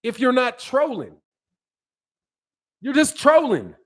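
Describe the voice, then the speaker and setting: High-voiced man ranting emphatically. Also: huge pitch swings, takes it slowly, fairly bright tone. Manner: emphatic, repeats points for stress. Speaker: boxing channel host. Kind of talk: live-stream commentary reading viewer chats.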